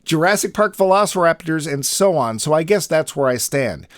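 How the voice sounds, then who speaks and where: A man's voice: a little high, expressive, normal speed, dry recording. A man co-hosting a casual podcast, joking and reading listener quotes aloud. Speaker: podcast co-host.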